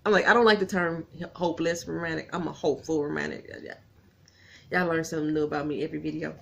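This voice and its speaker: A woman recapping a TV episode in an animated, chatty way, talking straight to her viewers and getting emotional as she goes. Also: sits low, fast talker, creaky, lo-fi sound. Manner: animated, gets emotional and laughs often; folksy, talks straight to viewers.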